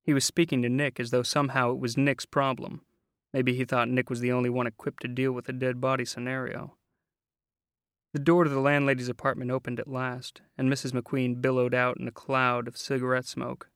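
A man narrating a novel in a measured, wry way, close to the mic. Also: medium pitch, level tone, a bit bright, clear, resonant tone, no echo. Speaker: audiobook narrator. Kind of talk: scripted narration.

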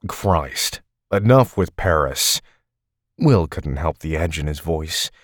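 Brief: low male narrator, expressive pitch, dry close recording. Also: slow pace, no echo. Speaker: audiobook narrator. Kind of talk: scripted novel narration.

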